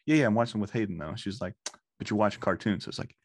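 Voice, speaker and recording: Podcast host, thirties, male; casual and profane, lively anecdotes, slightly low voice, dry recording. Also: fast talker, no room sound. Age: 30s. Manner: profane, animated storytelling. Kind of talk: casual chat.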